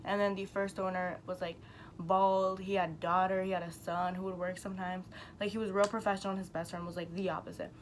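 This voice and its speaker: A woman's voice: lowish voice, level tone, brisk, a little hiss or hum, low-quality recording. A young woman chatting casually to her camera, telling a rambling story full of "like" and the odd swear.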